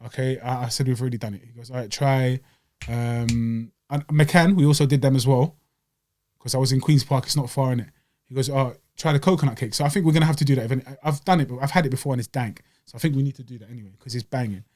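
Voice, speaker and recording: A young man, telling stories in an animated, slangy way as a podcast co-host. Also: mid-range voice, quick pace. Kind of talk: casual chat.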